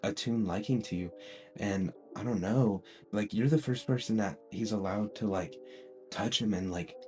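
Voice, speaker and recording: A man voicing a gentle, concerned adult woman hero in a rambling, halting way, barely changing his own voice. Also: on the low side, soft background music, close to an everyday voice. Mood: earnest.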